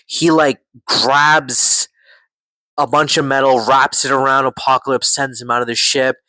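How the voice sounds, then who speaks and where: A man reviewing a show in a casual, excitable way, swearing and saying "like" often. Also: medium pitch, measured pace, dry recording, poor audio.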